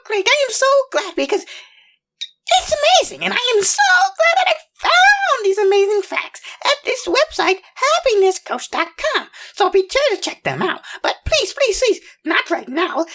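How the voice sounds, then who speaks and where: A man voicing Millie, an excitable female fact-finder on a children's show, talking breathlessly and giggling as he stumbles over his words. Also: extremely high pitch, pitched above the performer's own voice, full character voice. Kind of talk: children's show role-play.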